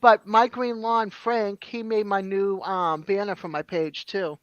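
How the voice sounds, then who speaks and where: A woman's voice: medium pitch, steady tone, measured pace, no echo. Rambling woman on a dull call line. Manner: rambling, full of ums. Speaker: guest. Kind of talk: casual chat. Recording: dull lo-fi stream audio.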